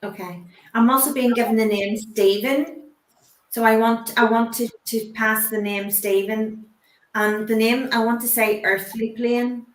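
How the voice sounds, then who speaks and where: A woman working as a psychic medium, giving a spiritual reading on a chat show in a halting way, often pausing on "um" and "I want to say". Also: fairly high pitch, steady tone, roomy sound, low-quality recording.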